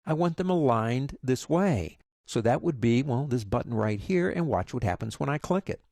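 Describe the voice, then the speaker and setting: A man teaching a software lesson, chatty and guiding step by step with joking asides. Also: mid-range voice, expressive, normal speed, vocal fry, no room sound, clean studio sound. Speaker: software instructor. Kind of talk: screen-recorded tutorial.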